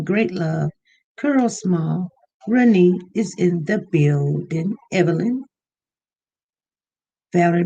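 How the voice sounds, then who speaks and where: A livestream host in casual chat, greeting viewers one by one by name in an easygoing, unhurried way and inviting them to call in. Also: mid-range voice, darkish tone.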